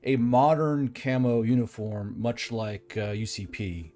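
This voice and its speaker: A man's voice: mid-range voice, measured pace, warm tone. A man narrating as game master, describing scenes in an easygoing way with frequent fillers.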